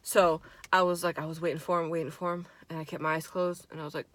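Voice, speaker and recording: Bright-voiced woman telling a storytime. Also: on the low side, quick pace, no room sound. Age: 20s. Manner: animated, profane, heavy "like" filler. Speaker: vlogger. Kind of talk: storytime chat.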